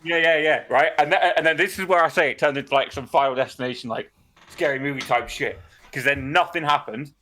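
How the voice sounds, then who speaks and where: Bright-voiced man telling a story. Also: fairly high pitch, fairly quick. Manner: swearing, laughing, slangy storyteller. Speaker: podcast co-host. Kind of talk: casual storytelling chat.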